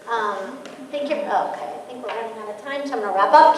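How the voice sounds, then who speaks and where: A middle-aged woman giving a lively parenting talk to an audience, telling stories and acting out quoted voices. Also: fairly high pitch, a little fast. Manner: storytelling with quoted voices and laughter. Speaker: guest speaker on parenting. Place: large hall. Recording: echoey hall from far off, faint noise.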